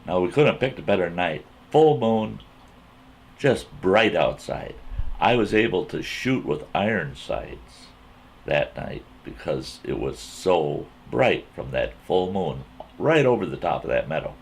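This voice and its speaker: A man telling a folksy campfire story in an animated way, repeating himself as he builds the scene. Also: low-pitched, creaky, breathy edge. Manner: drawn-out, repetitive, animated retelling.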